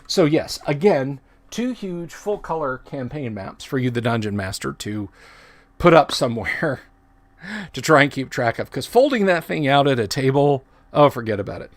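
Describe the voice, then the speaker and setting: A middle-aged man hosts a casual livestream, chatting in a rambling way and often correcting himself mid-sentence. His mid-range voice has big pitch swings at a moderate pace.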